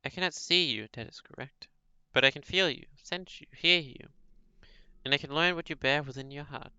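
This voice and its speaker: A gentle blind young woman, read aloud by a man, calm and kind, with soft, measured reassurance. The voice is bright and smooth, with a little gravel. It comes through a slightly dull, lo-fi stream recording. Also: on the high side, dry recording. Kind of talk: reading a visual novel aloud.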